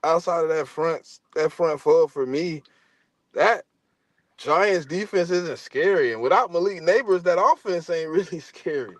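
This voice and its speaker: A man's voice: on the high side, normal speed, dry recording. A man co-hosting a casual sports podcast, talking in a laid-back, slangy way that often trails off. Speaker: podcast co-host.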